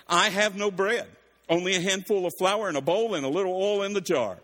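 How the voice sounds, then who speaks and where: A man preaching a sermon. He reads scripture and breaks off to explain it with lively asides, in a voice pitched a little high. A long reverb trails after his words in a large hall. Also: fairly quick. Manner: reads verses then explains them, with animated asides.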